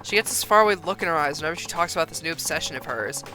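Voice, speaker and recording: A man's voice: fairly high pitch, animated, very fast, pushed and bright, faint music behind. A man voicing a worried middle-aged mother who pleads anxiously and earnestly to get her daughter back, reading game dialogue aloud. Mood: pleading.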